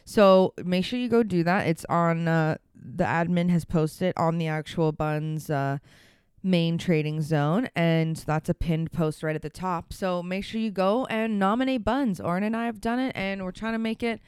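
A woman's voice: fairly low pitch, normal speed, a little mellow, smooth, dry recording, clean studio sound. Chatty woman co-hosting. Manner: chatty, laughs often, many fillers. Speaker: podcast co-host. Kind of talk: casual podcast chat.

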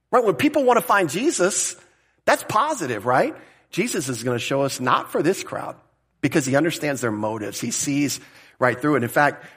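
A man's voice: medium pitch, fairly bright tone, husky. A man preaching an expository sermon, conversational and emphatic, often asking the congregation rhetorical questions. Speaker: pastor.

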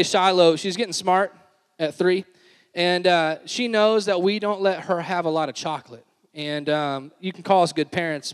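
A man in his thirties preaching a sermon, telling a family story with laughter and dropping to a hushed, earnest tone. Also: a little high, smooth. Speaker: pastor. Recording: long hall reverb.

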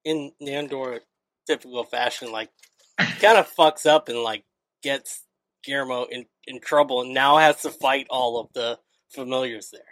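A man's voice: mid-range voice, steady tone, normal speed, fairly bright tone, no room sound, rough recording. A man chatting casually on a podcast, recapping an episode with loose, filler-heavy talk.

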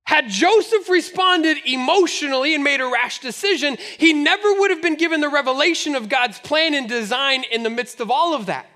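A man preaching a sermon as pastor, telling stories in an animated way and laughing often. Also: extremely high pitch, normal speed, hardly any pauses.

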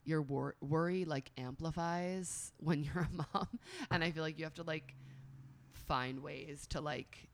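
A woman's voice: low-pitched, unhurried, a little hiss or hum. A woman in her thirties, reading oracle cards aloud and chatting casually, with many filler words. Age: 30s. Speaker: tarot and oracle card reader. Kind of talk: casual chat and card reading.

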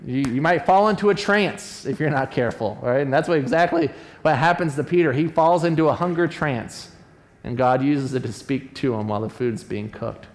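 A man preaching a sermon in an animated, conversational storytelling way, often checking in with his listeners. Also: normal speed. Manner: animated storytelling, acts out quoted voices with a raised pitch; conversational, often asks "right?". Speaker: pastor.

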